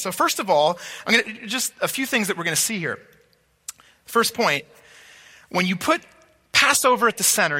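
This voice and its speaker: Animated preacher in a reverberant hall. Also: male voice, high-pitched. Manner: emphatic, animated teaching with rhetorical questions. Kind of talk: sermon.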